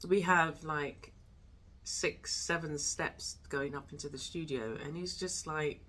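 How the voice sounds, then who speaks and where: A woman's voice: low voice, steady tone, slow pace, pushed and bright, a little hiss or hum. A woman hosting her own vlog, chatting loosely with many fillers as she walks from her home studio into the garden with a handheld camera. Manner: rambling, chatty, with many fillers and trailing thoughts. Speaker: host of an arts and wellness channel. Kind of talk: casual vlog chat.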